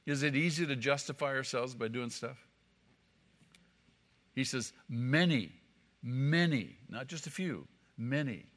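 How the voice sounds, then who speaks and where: A man's voice: medium pitch, normal speed, long pauses, a bit bright. A male pastor preaching an emphatic sermon, repeating key phrases for weight. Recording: long hall reverb.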